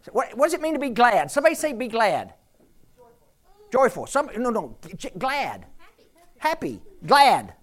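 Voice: mid-range voice, big pitch swings, moderate pace, long pauses. Older preacher quizzing the congregation. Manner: questions the audience, teasing, emphatic. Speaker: preacher teaching scripture. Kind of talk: interactive sermon with congregation.

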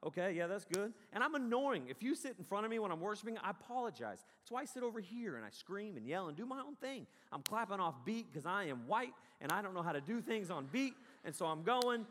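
Male pastor, raised pitch, energetic self-mocking sermon, long hall reverb. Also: fast talker, hardly any pauses. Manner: joking, self-mocking, bursts into loud yells. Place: large hall on a stage.

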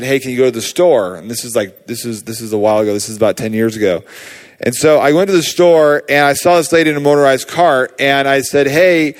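A man preaching, telling a personal healing story in a casual, animated way with many fillers. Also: medium pitch, smooth. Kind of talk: sermon testimony.

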